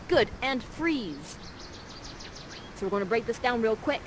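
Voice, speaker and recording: Woman, stage director, upbeat, teasing, fairly high voice, headset mic. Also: expressive, measured pace, pauses often, background noise. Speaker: actor guiding audience through an interactive play.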